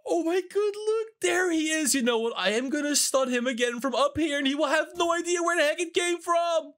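A man's voice: very high voice, animated, brisk, a bit bright. A man hosting a gaming video, giddily narrating his pranks move by move. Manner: giddy and scheming, narrates each move. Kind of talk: excited gameplay commentary.

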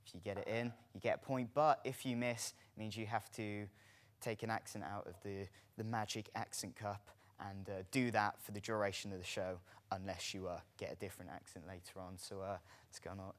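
A man's voice: fairly low pitch, flat delivery. Young male student talk show host. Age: young adult. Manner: chatty, slightly halting with fillers.

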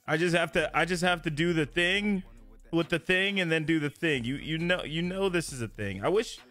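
A male game streamer chatting excitably with his viewers during a live roleplay stream, swearing freely. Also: fairly high pitch, normal speed.

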